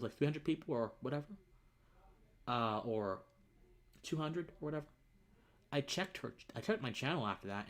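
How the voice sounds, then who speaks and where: Earnest young man, halting and emotional. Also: medium pitch. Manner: earnest, halting, repeats words, drops to near-whispers. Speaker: political podcaster and streamer. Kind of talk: emotional live-stream monologue.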